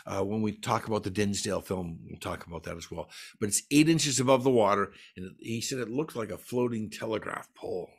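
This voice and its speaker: A man's voice: lowish voice, a little fast, gravelly, few pauses, husky. A man giving a folklore lecture at a library, enthusiastically reading out lists of dates and sighting reports. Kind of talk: lecture presentation.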